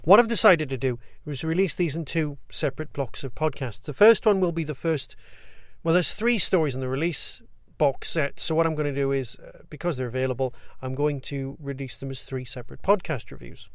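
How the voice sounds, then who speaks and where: A man's voice: fairly high pitch, a little fast, no echo, studio quality. A man hosting his own podcast, reviewing in a chatty, enthusiastic way with rambling asides. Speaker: podcast host. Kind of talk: casual solo review.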